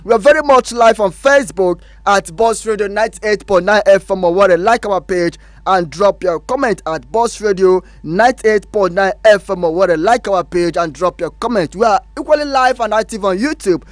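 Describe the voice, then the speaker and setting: A man's voice: high voice, normal speed, hardly any pauses, no room sound. A man with a Nigerian English accent hosting a morning radio news and politics show, emphatic and repetitive, with frequent fillers. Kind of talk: radio talk show commentary. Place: radio studio.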